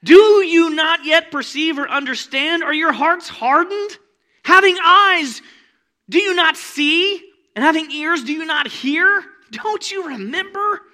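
A man's voice: extremely high pitch, unhurried, bright, forceful tone, voice pushed up, exaggerated voice. A man voicing an exasperated Jesus who scolds his disciples with pleading rhetorical questions.

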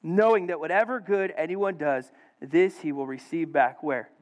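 Middle-aged male pastor, fairly high voice, dramatic preaching with loud peaks and quiet stretches. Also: normal speed. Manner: preaching with dramatic swings between loud emphasis and hushed storytelling. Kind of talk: sermon.

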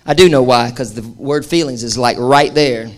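A male pastor preaching a lively sermon, mixing jokes and acted-out asides with shifting pace. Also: medium pitch, moderate pace.

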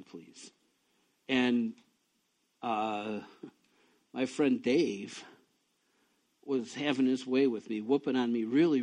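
A man preaching a sermon, reading scripture and telling personal stories, swinging from quiet low talk to loud excited bursts. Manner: reads scripture aloud between personal asides. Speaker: pastor.

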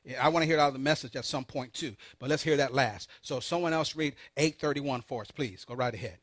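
A man preaching a sermon, calling on the congregation to answer back, swinging between soft asides and loud emphatic peaks. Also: medium pitch, fast talker, no room sound. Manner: call-and-response preaching, urging the congregation. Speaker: pastor.

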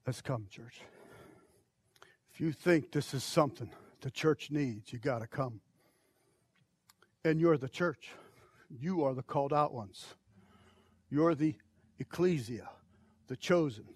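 A man preaching an altar call, impassioned, swinging from shouted pleas to near whispers. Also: a little high, unhurried, long pauses, husky, dry recording. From United States. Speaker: pastor.

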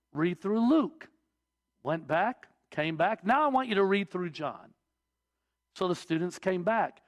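High-voiced pastor preaching with emphatic build-ups. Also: male voice. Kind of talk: sermon.

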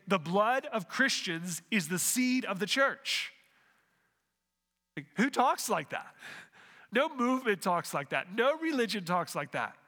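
Bright-voiced man preaching in a hall. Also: high voice. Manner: earnest preaching with rhetorical questions and restarts. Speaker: pastor. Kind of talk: sermon.

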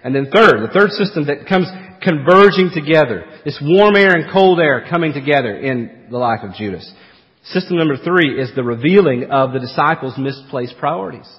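A man preaching a sermon as pastor, swinging from emphatic, forceful peaks to quiet, low asides. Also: lively intonation, normal speed, big-room sound, highs cut off.

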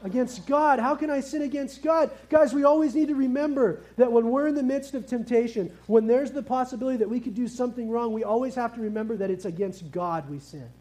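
A man preaching in a very high, mellow voice. He speaks casually and lively to a family congregation, tossing questions to the audience and slipping into slang. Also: a little fast, hardly any pauses. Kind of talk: family sermon with kids present.

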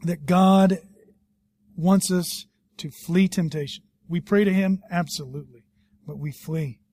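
A middle-aged man preaching a sermon as a pastor, telling stories with animation and dropping to a hush for serious points. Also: sits high, unhurried. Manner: animated storytelling, swings between loud and hushed.

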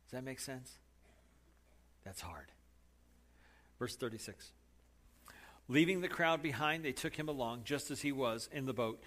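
A man preaching a sermon, dramatic, dropping to hushed asides and rising to emphatic points. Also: a little high. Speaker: pastor.

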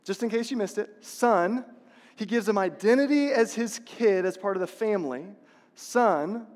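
A man's voice: high voice, lively intonation, moderate pace. A man preaching a sermon as a pastor, passionate and repetitive, asking the congregation rhetorical questions. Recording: long reverb of a large hall.

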